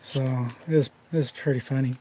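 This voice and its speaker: A man's voice: mid-range voice, steady tone, brisk, noisy background. A man hosting a card collecting channel, chatting casually behind the scenes and telling rambling anecdotes full of restarts.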